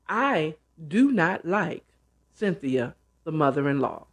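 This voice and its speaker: A woman host casually retelling a novel she's reading, with chatty, animated asides. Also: lowish voice, measured pace. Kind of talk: casual book retelling and commentary.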